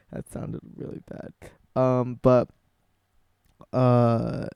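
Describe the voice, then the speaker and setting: A man musician in casual vlog talk, soft-spoken and rambling as he thinks aloud about his songwriting. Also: medium pitch, very slow, gravelly, smooth, dry recording, clean studio sound.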